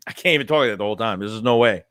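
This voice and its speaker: A man's voice: fairly low pitch, animated, rapid-fire, a bit bright, clear, resonant tone, no room sound, clean studio sound. A man casually chatting on a sports live stream, rambling and full of fillers.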